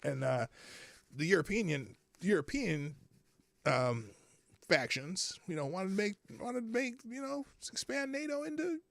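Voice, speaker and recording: A man hosting a live political commentary show, animated, sarcastic and profane as he reads out the news. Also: high-pitched, measured pace, creaky, no room sound. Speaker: host.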